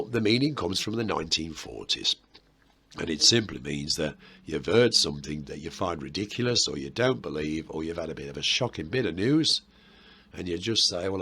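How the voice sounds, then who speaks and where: A low, husky-voiced man with a Birmingham accent talks to camera about history. His delivery is chatty and meandering, and he drops in playful asides as he explains things. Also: animated, moderate pace, sharp tone. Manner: chatty and rambling, with self-mocking asides. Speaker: history video host.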